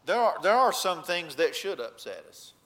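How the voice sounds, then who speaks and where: Bright-voiced preacher man, emphatic. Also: big pitch swings, moderate pace. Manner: earnest, rising to emphatic points then dropping low. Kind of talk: sermon.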